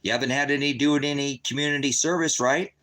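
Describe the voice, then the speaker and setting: A man, a father and host, ranting angrily with heavy profanity and sudden rises in pitch. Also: fairly even intonation, sharp tone. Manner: profane, heated, rapid shifts in pitch. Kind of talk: angry livestream rant.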